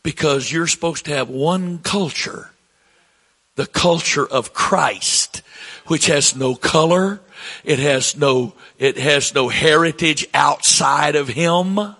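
A man in his sixties with a Southern accent preaches with a high, bright, ringing voice. His phrases surge upward for emphasis, then fall to soft, conversational asides. The sound carries the long reverb of a church hall. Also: slow, gravelly, breathy edge. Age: 60s. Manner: preaching with emphatic rises, then dropping to quiet asides to the congregation. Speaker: pastor. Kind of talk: sermon.

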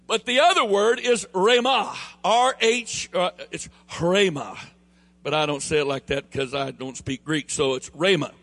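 A man with a Southern US accent preaching a sermon, emphatic and building to near shouts, then easing into quieter storytelling. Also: high-pitched, moderate pace, few pauses. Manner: emphatic, rising to near shouts on key phrases; drops into a quieter storytelling tone for anecdotes.

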